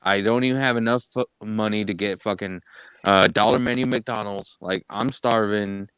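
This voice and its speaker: A man's voice: fairly low pitch, steady tone, moderate pace, a bit bright, smooth. A man in a casual live chat, joking crudely and playing at being bossy. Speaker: co-host of a live gossip chat.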